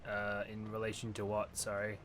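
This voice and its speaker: A man's voice: fairly low pitch, completely flat delivery, moderate pace, fairly bright tone, faint music behind. A man playing a video game and commenting wryly on his own mistakes, swearing casually. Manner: wry, self-mocking, swears. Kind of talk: casual let's-play commentary.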